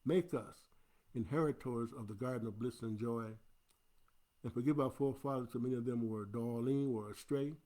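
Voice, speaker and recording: Man, imam, Friday sermon, earnest, instructive, mid-pitched voice, livestream camera. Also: normal speed, warm tone.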